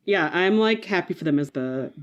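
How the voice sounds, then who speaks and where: A woman's voice: on the low side, expressive, moderate pace, dull audio. A woman co-hosting a podcast, chatting casually and animatedly about a movie, laughing often and using lots of "like" fillers. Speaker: podcast co-host. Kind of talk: casual chat.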